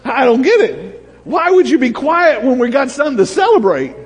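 A pastor with a high, husky voice preaches in a church sanctuary. His delivery swings from shouted exclamations to hushed storytelling. The sound has a long hall reverb trailing behind every phrase. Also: very animated, moderate pace. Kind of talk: sermon.

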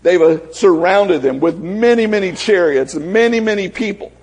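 A male pastor delivers a sermon in a high, husky voice. He moves between soft, prayerful passages and excited, fervent exclamations. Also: normal speed, low-quality recording.

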